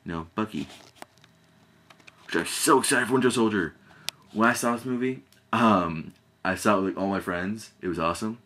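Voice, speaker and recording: A man's voice: lowish voice, normal speed, long pauses, fairly bright tone, a little hiss or hum. A man giving a casual, rambling movie review, full of fillers and restarts and often giggling.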